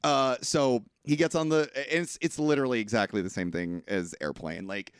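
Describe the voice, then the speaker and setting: A man's voice: medium pitch, fairly even intonation, moderate pace, clear, resonant tone, dry recording, clean studio sound. A man co-hosting a podcast, chatting casually about an old film, laughing often as he retells scenes. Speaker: podcast co-host. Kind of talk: casual film discussion chat.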